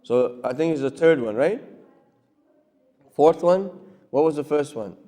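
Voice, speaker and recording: Male cleric-lecturer, fairly high voice, teaching tone, quizzes the room, echoing hall sound. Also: animated, measured pace, warm tone. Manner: keeps checking with listeners, acts out little dialogues. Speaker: cleric giving a talk. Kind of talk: lecture with audience questions. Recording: long reverb of a hall.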